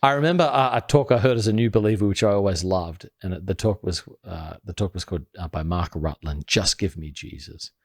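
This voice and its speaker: A man's voice: a little fast, few pauses. Earnest man teaching scripture in conversation. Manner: earnest, builds points step by step; drops quiet and low when quoting scripture. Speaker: podcast co-host.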